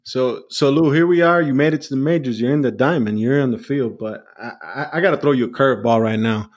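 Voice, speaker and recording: A man's voice: medium pitch, a little fast. A man hosting an interview, asking questions with vivid scene-setting. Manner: builds questions with vivid setups. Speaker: interview host.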